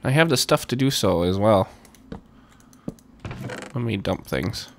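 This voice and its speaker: Male let's-play host, unhurried, animated pitch, talks to himself, gets worked up. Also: a little hiss or hum. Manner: muttering to himself, rising and excited when pleading. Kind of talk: casual gameplay commentary.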